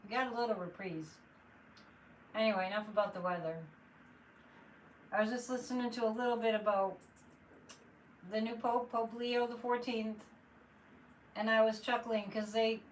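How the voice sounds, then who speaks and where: A woman hosting a casual live stream as a psychic, chatting in a loose, exasperated way and answering viewer comments as she goes. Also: medium pitch. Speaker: psychic livestream host. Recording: distant mic with faint room noise.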